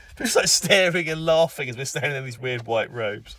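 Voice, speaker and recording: An Englishman chatting through a film commentary, spinning an embarrassing story against himself. His pitch swings widely as he acts out the moments. The talk stays loose and conversational. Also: brisk, recorded from a distance. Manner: self-deprecating anecdote telling, lively voice shifts. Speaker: film writer giving commentary.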